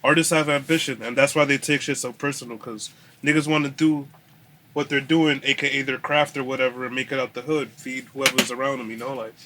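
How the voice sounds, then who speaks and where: A man's voice: mid-range voice, steady tone, brisk, bright, forceful tone, slight background noise. A young man who makes music, talking earnestly in slang as a guest on a casual podcast.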